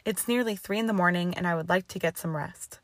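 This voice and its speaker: A woman's voice: fairly low pitch, fast, no room sound, lightly acted. A woman voicing a sullen, sarcastic young man who drawls and mutters in a storybook reading.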